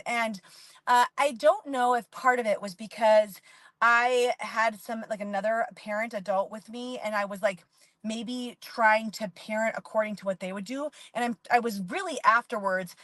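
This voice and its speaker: Woman, 40s, parenting vlogger, high-ish voice, dry close sound, rambling and candid. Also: a bit bright, no echo. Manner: rambling and candid, heavy use of "like". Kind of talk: casual confessional monologue.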